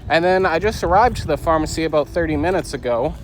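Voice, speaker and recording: A man with a high voice vents as he recounts his day, still agitated, his voice jumping up whenever he quotes people. Faint street and car noise sits behind him outdoors. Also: expressive, fast talker, poor audio. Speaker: podcast host. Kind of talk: casual angry storytelling vlog.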